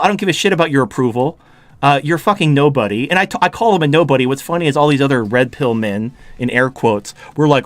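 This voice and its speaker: A man hosting a talk podcast, ranting with heat and constant swearing. His voice sits a little high and sounds dry and close to the mic, and he mocks the people he talks about. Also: dry recording. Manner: heated, swearing, mocking. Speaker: podcast host. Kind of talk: profane ranting chat.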